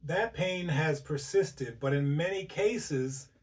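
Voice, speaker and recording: Man giving a chatty, higher-pitched health talk. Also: slow pace, far from the mic. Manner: conversational, rhetorical questions, frequent "right?". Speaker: host. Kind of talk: informal health talk to camera.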